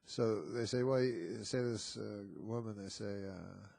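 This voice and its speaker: A man's voice: lowish voice, unhurried, creaky, a little mellow. A man, a podcast guest, telling long rambling anecdotes in a dry, casual way.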